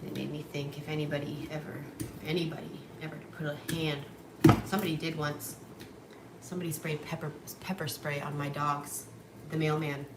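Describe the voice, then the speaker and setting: With a deep voice and level tone at normal speed, a young livestream vlogger chats casually from a room in her home. Between blunt, profane stories she coos at her dogs, captured on a noisy, echoey recording from a distant mic.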